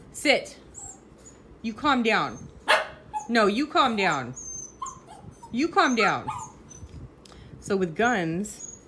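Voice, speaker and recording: Chatty woman, low voice, faint background hiss. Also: darkish tone. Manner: chatty storytelling, breaking off to scold her dogs. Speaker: vlogger. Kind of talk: casual chat. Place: home with pets.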